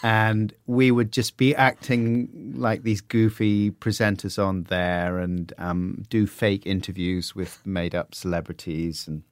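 Animated middle-aged Englishman telling stories. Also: slow, hardly any pauses, no echo, clean studio sound. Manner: animated, self-deprecating, lively swings in pitch. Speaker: interview guest. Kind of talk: relaxed anecdotal storytelling.

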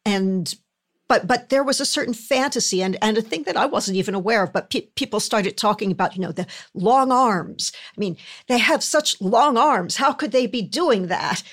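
A woman guest telling stories in a casual chat, thoughtful and halting. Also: on the high side, expressive. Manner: thoughtful, halting, restarts phrases. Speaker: guest, series creator.

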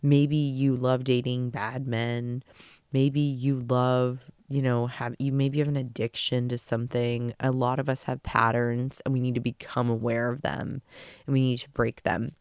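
A woman's voice: very deep voice, level tone, measured pace, a little mellow, smooth, no room sound, studio quality. A woman hosting her own podcast, giving an earnest, emotional motivational talk and swearing casually. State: tearful at times. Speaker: podcast host.

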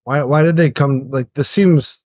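A man's voice: fairly high pitch, steady tone, unhurried, a little mellow, dry recording, clean studio sound. A man co-hosting a casual movie review podcast, chatty and raising questions. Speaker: podcast co-host.

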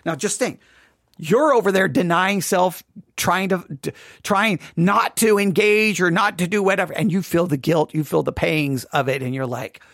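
A man's voice: high-pitched, moderate pace, gravelly, fairly bright tone, no room sound, clean studio sound. A man leading a devotional Bible study who reads scripture aloud and then explains it in a conversational way, sometimes acting out the voices of the people in the passage. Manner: acts out voices of the proud and the doubter. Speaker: Bible teacher.

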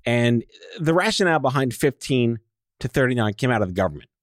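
A man's voice: mid-range voice, sing-song, fairly quick, dry recording, studio quality. A man hosting a podcast interview, chatty and teasing with his guest. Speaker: podcast host. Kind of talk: casual interview chat.

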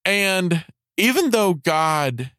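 A man's voice: sits high, sing-song, bright, forceful tone, no echo, studio quality. Heartfelt man sharing a faith story. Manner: heartfelt, halting, repeats words. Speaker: podcast host. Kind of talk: personal faith testimony.

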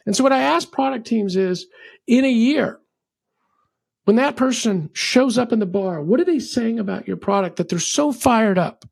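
Gravelly-voiced man giving energetic advice. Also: very high voice, moderate pace, dry recording, clean studio sound. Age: middle-aged. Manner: rambling, frequent ums, energetic storytelling. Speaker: podcast guest, venture capitalist. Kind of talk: animated conversational advice.

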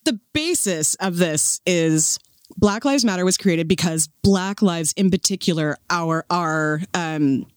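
A woman's voice: fairly low pitch, clean tone, no room sound. Thoughtful woman co-host, dry sound. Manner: thoughtful, pauses to find words, laughs often. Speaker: podcast co-host. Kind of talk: casual chat.

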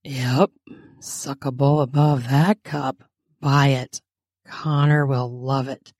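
A woman putting on a husky flippant girl. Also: rumbling low, steady tone, takes it slowly, darkish tone, no echo, clean studio sound, voice pushed down, heavily acted. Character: husky-voiced young woman shopper, flippant.

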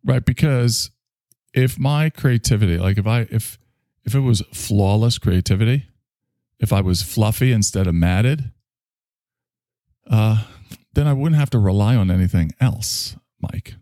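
A man voicing a rambling, low-voiced figure who calls himself messy and imperfect, philosophizing with halting restarts in an improvised comedy bit. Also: dark tone, dry recording, clean studio sound, close to an everyday voice. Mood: sheepish.

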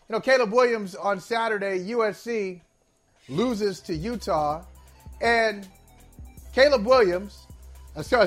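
High-voiced, emphatic man hosting sports talk. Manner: discursive and emphatic, with restarts and asides; sincere and playful, laughs at himself. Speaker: sports talk show host. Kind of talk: sports talk show chat.

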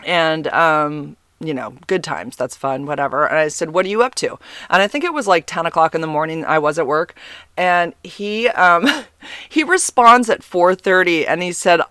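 A woman in a casual confessional monologue, candid and profane, rambling with many fillers and swinging between loud exasperated bursts and low asides. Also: normal speed, smooth, no echo.

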